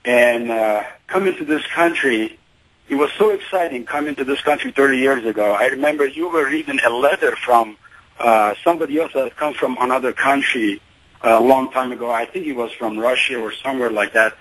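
A man's voice: mid-range voice, brisk, fairly bright tone, husky, low-quality recording. Hesitant middle-aged male radio caller. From Iran. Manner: hesitant, many fillers. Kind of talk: phone-in call to radio show.

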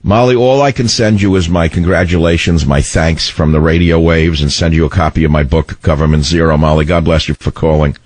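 A middle-aged man with a baritone voice, hosting a talk radio show in a combative, rambling way. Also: fairly even intonation, a little fast, hardly any pauses, darkish tone, no room sound. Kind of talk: opinionated talk radio monologue. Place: radio studio. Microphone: studio microphone.

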